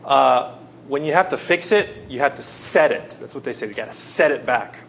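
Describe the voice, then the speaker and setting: A man preaching a sermon, telling a personal story and swinging between loud pleading and hushed tones. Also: medium pitch, expressive, normal speed, slight background noise.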